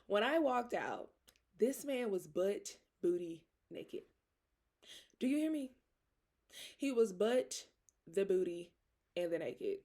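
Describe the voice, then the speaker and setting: A young woman hosting a podcast, telling a story in a lively, dramatic way with slang and frequent laughter. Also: mid-range voice, takes it slowly, pauses often. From Atlanta. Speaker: podcast host. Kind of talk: casual storytelling.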